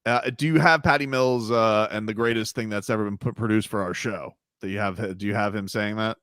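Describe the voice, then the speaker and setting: A man hosting sports talk radio, talking in an animated, rambling, emphatic way on a studio mic. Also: on the low side, a little fast, clean tone, no room sound.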